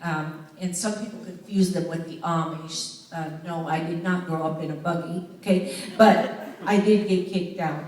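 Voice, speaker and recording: Heard from far off in an echoey hall, a Southern-accented American woman tells funny stories to a live crowd and talks right to them as a public speaker. Her voice is fairly low and darkish, with fairly even intonation at normal speed.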